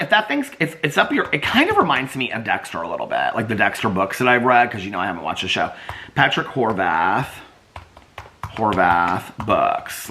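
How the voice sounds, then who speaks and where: A middle-aged man vlogging casually, excitable and chatty, laughing often and using lots of fillers. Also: fairly low pitch, vocal fry, slight background noise. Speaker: vlogger reviewing a graphic novel. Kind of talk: casual chat.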